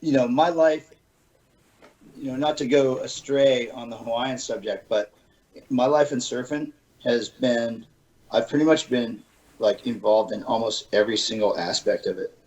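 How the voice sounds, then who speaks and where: A man's voice: mid-range voice, normal speed, a little mellow, dull audio. A man from Florida, a podcast guest telling loose stories in casual chat, swearing now and then.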